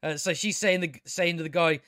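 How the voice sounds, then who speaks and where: A man's voice: on the high side, steady tone, fairly quick, sharp tone, no room sound, clean studio sound. A man giving a casual, sarcastic and exasperated spoken review of a TV show, swearing often.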